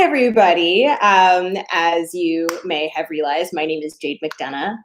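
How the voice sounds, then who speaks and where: A woman in her twenties doing a stand-up set from home over a video call, telling a story with many fillers and playful asides. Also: medium pitch. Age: 20s. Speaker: stand-up comedian.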